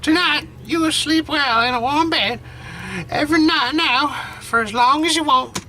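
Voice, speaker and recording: A man doing a slow, high, quavering old granny. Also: sharp tone, faint music behind, heavily acted, rough recording. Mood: wistful. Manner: slow, drawn-out lines. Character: frail elderly grandmother, tender and fussing.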